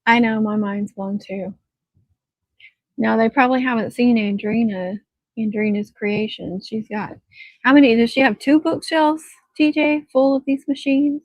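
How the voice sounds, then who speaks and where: A woman's voice: on the high side, steady tone, a little slow, dry recording, low-quality recording. A woman hosting a casual craft livestream, rambling chattily and breaking off to talk to her dog.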